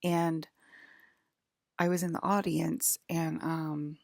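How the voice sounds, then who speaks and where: Gravelly low-voiced woman, rambling. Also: flat delivery, slow, a little mellow, no echo, studio quality. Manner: hesitant, full of fillers and restarts. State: jittery and anxious. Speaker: vlogger. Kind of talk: rambling personal monologue.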